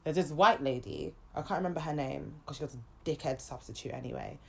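A young woman, co-hosting a podcast and telling a story in a casual, animated way, swearing freely and acting out other people's lines. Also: sits low, brisk, creaky. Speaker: podcast co-host.

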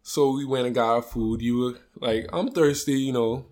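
A man in a relaxed podcast chat, spinning stories with dry jokes and laughing as he goes. His voice sits in the ordinary middle for a man. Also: medium pitch, moderate pace. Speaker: podcast co-host. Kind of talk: casual storytelling chat.

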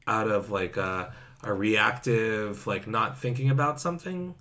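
A man's voice: on the low side, unhurried, bright, forceful tone. A man co-hosting a podcast, making his case in casual chat with lots of fillers. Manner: argumentative, many fillers like "like". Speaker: podcast co-host.

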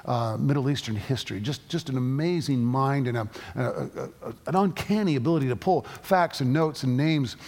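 A middle-aged man preaching a sermon, telling personal stories with halting restarts. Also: medium pitch, darkish tone. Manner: storytelling, halting with frequent restarts. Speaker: pastor. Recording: long reverb of a large hall.

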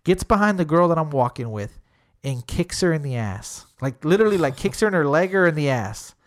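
Man in casual chat retelling a run-in, cusses freely, lots of filler words, animated delivery. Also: fairly high pitch, brisk. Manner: heavy swearing, fillers like "literally" and "dude"; animated retelling, acting out quotes.

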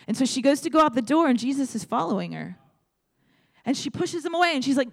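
A woman's voice: fairly high pitch, fast talker. A young adult woman preaching a sermon in a conversational, storytelling way, speaking directly to her audience.

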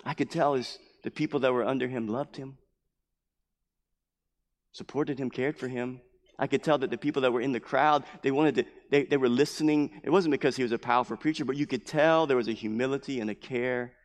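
Passionate pastor preaching in a reverberant church. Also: male voice, mid-range voice, steady tone, a little fast. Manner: impassioned, repetitive preaching with sudden loud emphases. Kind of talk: sermon. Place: church building.

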